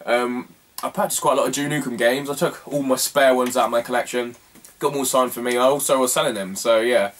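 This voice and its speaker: A young man tells a rambling, casual story, full of "like" and "um" and quick to laugh. His voice is mid-pitched and sits a little away from the microphone. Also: fairly even intonation, far from the mic, a little hiss or hum. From England. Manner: rambling, laughs often, lots of fillers. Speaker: retro game collector vlogger. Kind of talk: casual chat.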